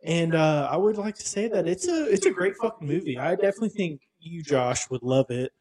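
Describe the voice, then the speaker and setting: A man co-hosting a casual podcast, easygoing and quick to laugh. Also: fairly high pitch, animated, darkish tone. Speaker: podcast co-host.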